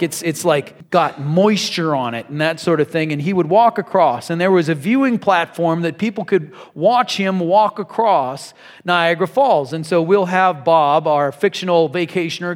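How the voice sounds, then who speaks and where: A man preaches a sermon and tells stories in a conversational, animated way. His voice sits high. The sound has a long reverb, as in a big hall or church. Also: normal speed. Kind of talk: sermon with storytelling.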